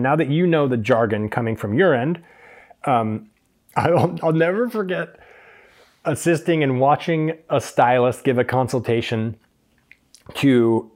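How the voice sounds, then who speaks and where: This hairstylist podcast host, a young man with a medium-pitched, somewhat dark voice, casually recounts an anecdote at his own expense. He's chatty and acts out the lines of the people involved.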